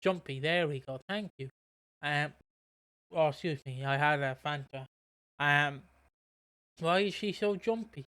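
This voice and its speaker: A podcast host with a slightly high, sharp voice speaks at a measured pace with long pauses. He rambles through a casual, sweary recap of a soap opera, swearing casually and losing his train of thought.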